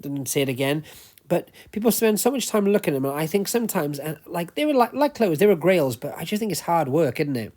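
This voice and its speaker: A man's voice: on the high side, big pitch swings, brisk, a little mellow. A man with a Welsh accent, chatting casually and at length while browsing a charity shop, talking into a wearable action camera. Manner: chatty, rambling, explains at length. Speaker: luxury resale vlogger. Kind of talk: casual chat while shopping.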